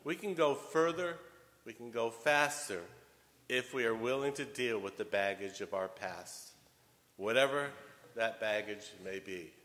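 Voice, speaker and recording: Slow-speaking male homilist, church echo. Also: mid-range voice. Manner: storytelling, deliberate, with wide swings in loudness. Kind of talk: sermon. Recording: long church reverb.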